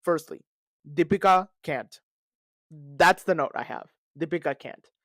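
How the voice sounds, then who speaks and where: A man hosting a podcast, talking in a casual, animated and dramatic rant full of fillers and recorded on a phone. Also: fairly high pitch, unhurried, dry recording, clean studio sound. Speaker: podcast host. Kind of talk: casual ranting commentary.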